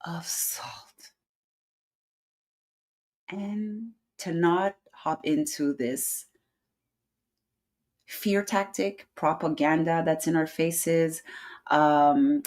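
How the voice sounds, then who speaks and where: A sassy middle-aged woman, a native French speaker, hosts a casual livestream and chats straight to her viewers. Her voice sits a little low, and she talks in an easygoing, familiar way, full of y'all and honey. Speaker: host.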